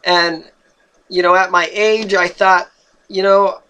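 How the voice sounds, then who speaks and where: Earnest, slow-talking man with a high voice. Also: little pitch movement, pushed and bright, clear, resonant tone. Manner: earnest, halting, repeats words and restarts. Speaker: storyteller. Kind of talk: personal storytelling.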